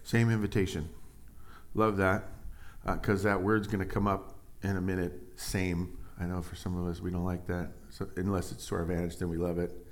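A middle-aged man preaching a sermon, animated and joking, who reads scripture aloud with rising emphasis. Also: sits low, moderate pace. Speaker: pastor.

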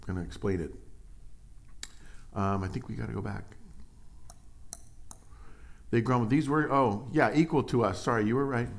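Joking, animated male preacher. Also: lowish voice, gravelly. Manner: animated and joking, reads scripture aloud with rising emphasis. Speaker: pastor. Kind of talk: sermon.

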